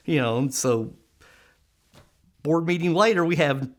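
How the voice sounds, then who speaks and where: Middle-aged man, fairly high voice, lively storyteller in a sit-down interview. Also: measured pace. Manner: animated storyteller, acts out quoted voices, laughs often.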